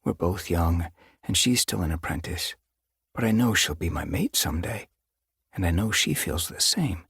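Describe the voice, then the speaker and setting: A somber, loyal young tomcat warrior speaks with a dry, grave weight, as a male narrator plays him. The voice sits low with a husky grain. It is a close, dry audiobook read. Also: animated, moderate pace, fairly bright tone, dry recording, exaggerated voice.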